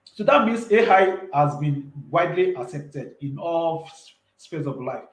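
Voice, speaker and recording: A man's voice: a little high, lively intonation, measured pace, reverberant, low-quality recording. A man, talking earnestly and emphatically as an entrepreneur guest in a casual interview, often repeating himself.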